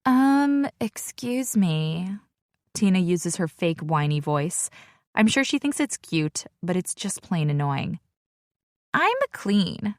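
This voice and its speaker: A woman's voice: on the low side, big pitch swings, slow, no echo, clean studio sound. A woman voicing a catty young woman who talks in a fake whiny voice. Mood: snide. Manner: whiny, mocking.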